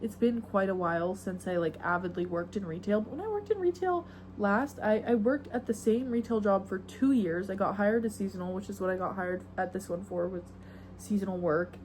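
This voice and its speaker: A woman's voice: medium pitch, animated, a little fast, darkish tone, a little hiss or hum, poor audio. A young woman hosting a podcast alone, chatting in a rambling, slangy, self-mocking way into a phone camera. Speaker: podcast host. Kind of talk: casual solo chat.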